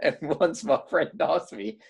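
Husky, lively-voiced co-host man. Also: a little high, measured pace. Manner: hesitant, searching for words. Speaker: podcast co-host. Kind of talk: casual banter.

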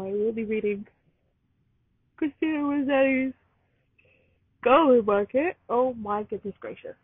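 A tired, allergy-stricken woman hosting a poetry podcast live, chatting in a rambling, excited way while sitting outdoors. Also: mid-range voice, vocal fry, slightly rough, no room sound. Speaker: podcast host reading poetry. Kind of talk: casual live-stream chat. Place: outdoors, train in the distance. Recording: tinny phone-like sound, faint outdoor noise.

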